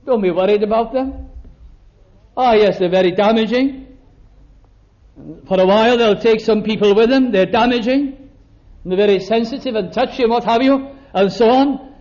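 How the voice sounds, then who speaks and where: An older man preaching a sermon, slowing down to stress key words and acting out small exchanges. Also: high voice, a little mellow. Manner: slows down for emphasis, acts out little dialogues. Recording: dull lo-fi recording.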